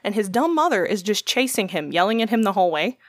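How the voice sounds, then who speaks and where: A young woman tells a rambling story in casual conversation, swearing freely and slipping into the voices of the people she quotes. Her voice sits at an ordinary pitch and sounds dry and close to the mic. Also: very animated, fast talker, no echo. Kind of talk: casual podcast chat.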